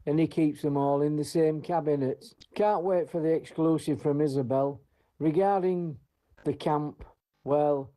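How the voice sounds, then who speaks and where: A man's voice: fairly high pitch, mellow, low-quality recording. A man from West Yorkshire calling in to a radio show to praise it and crack jokes. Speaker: caller.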